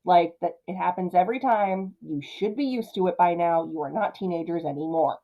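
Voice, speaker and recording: A young woman giving casual film commentary, chatty and quick to slip into character voices. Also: on the low side, muffled recording. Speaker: film reviewer.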